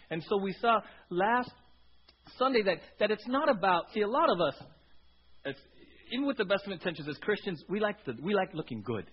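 A man's voice: sits high, breathy edge, highs cut off. A man preaching a sermon as pastor, often putting rhetorical questions to the congregation.

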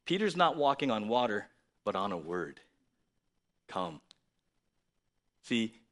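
A man preaching a sermon to his church, lively and conversational, reading scripture aloud and then explaining it. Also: on the low side. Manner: lively, conversational preaching with sudden loud emphasis. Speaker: pastor.

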